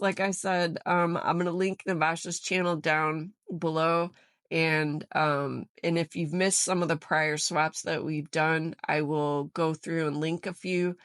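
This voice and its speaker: A woman with a low voice chats casually in her home craft room, giggling all through. She talks to her viewers like friends. Her voice sounds close and dry, with no room echo. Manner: giggly, bursting into laughter. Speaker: crafting vlogger. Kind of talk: casual unboxing chat.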